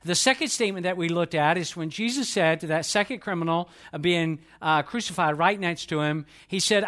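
A middle-aged man from Georgia, preaching a sermon in an earnest storytelling way and slowing down when he quotes scripture. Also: a little high, fairly bright tone. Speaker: pastor.

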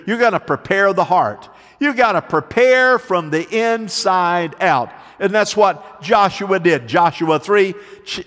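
Preacher guy, high voice, folksy stories, long reverb trailing off. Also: fairly bright tone. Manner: folksy storytelling preacher, slows for emphasis. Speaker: pastor. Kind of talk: sermon.

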